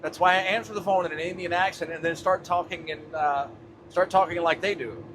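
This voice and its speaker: A man's voice: high-pitched, steady tone, a little fast, noisy background. A man, a long-haul truck driver, chatting casually on a livestream while he drives, exasperated and swearing freely as he rambles. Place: truck cab on the road.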